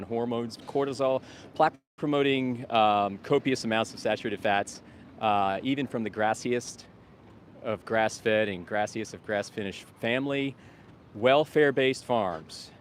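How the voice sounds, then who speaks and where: A middle-aged man livestreaming outdoors as a street activist, talking casually and bluntly to his viewers, ranting and swearing freely and calling out loudly to passersby. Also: fairly low pitch, moderate pace, slight background noise. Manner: calls out to passersby in a loud upbeat voice.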